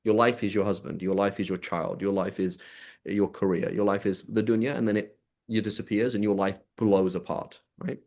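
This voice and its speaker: A man's voice: fairly low pitch, steady tone, normal speed, a little mellow. A man giving an informal religious lesson, conversational, often checking in with his listeners by asking "right?" and "you know?". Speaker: Islamic teacher.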